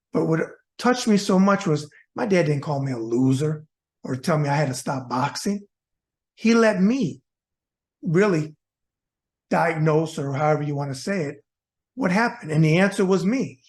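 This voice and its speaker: Heartfelt storytelling man, slightly high voice. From South Florida, US. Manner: folksy, heartfelt, addresses viewers directly. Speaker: host, former boxer. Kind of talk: personal storytelling monologue.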